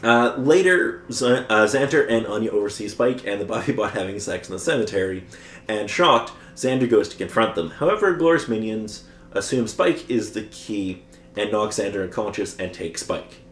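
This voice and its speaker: A man's voice: fairly low pitch, animated, normal speed, fairly bright tone, roomy sound, slight background noise. A man co-hosting a podcast, recapping a show's plot in casual chat and chuckling often as he goes. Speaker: podcast co-host recapping episodes.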